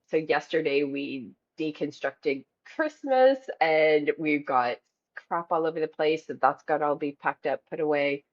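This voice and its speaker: A woman's voice: low-pitched, a little slow. A woman co-hosting a podcast in casual chat, easygoing and affirming. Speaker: podcast co-host. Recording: slightly muffled lo-fi audio.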